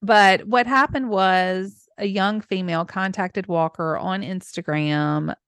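A woman's voice: medium pitch, fairly even intonation, slow pace, a bit bright, clear, resonant tone, no echo. Woman, podcast host, effusive, emotional, dry close mic. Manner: effusive and emotional, with small laughs. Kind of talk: solo podcast monologue.

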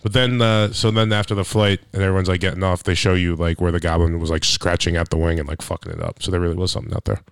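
Young guy, deep voice, fast rambling storyteller, casual and profane, dry close sound. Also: level tone, smooth, no echo. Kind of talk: casual podcast chat.

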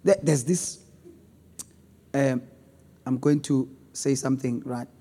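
A man preaching a sermon on relationships, swinging between loud emphasis and low asides. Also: fairly even intonation, slow, big-room sound, a little hiss or hum. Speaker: pastor.

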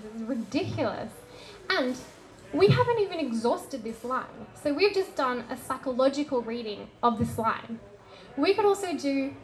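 A woman giving a lively, casual public talk on literature, acting out scenes as she goes. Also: fairly high pitch, rough recording. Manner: animated, casual, acts out quoted scenes. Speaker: lecturer.

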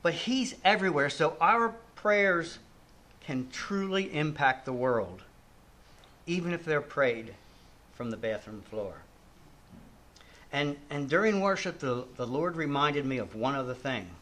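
A man's voice: on the high side, expressive, a little slow, a bit bright. An older man preaching a sermon in an earnest, reflective way, often restarting and letting his line endings fall.

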